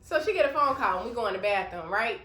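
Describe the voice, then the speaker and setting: Bright-voiced woman telling a profane story. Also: on the high side, animated, fast talker, slight background noise. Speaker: mukbang co-host telling a story. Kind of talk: casual chat. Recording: echoey room.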